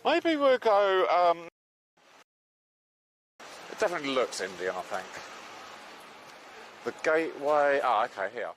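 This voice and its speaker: A man chatting casually on a live stream from a beach, excitable and sometimes dropping to a hushed voice. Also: mid-range voice, a little slow, pauses often, slight background noise. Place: outdoors on a beach at low tide.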